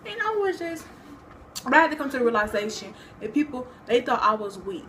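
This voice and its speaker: A woman's voice: fairly high pitch, very animated, a little fast, fairly bright tone, slight background noise. A young woman talking casually to her own vlog, rambling with many fillers and restarts. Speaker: vlogger. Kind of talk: casual personal vlog talk.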